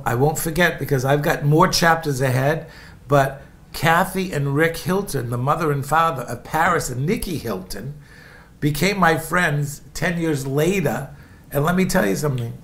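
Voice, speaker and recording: A man from Indiana, USA, tells stories from his life in a rambling, chatty manner, addressing his listeners as folks. His voice is on the high side with a fairly bright tone, suiting this casual memoir storytelling.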